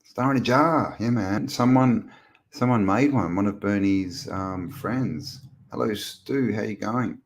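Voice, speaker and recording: A man's voice: on the low side, unhurried. A man hosting a casual livestream, rambling and joking as he reads out viewer comments. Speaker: livestream host. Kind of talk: casual live-stream chat.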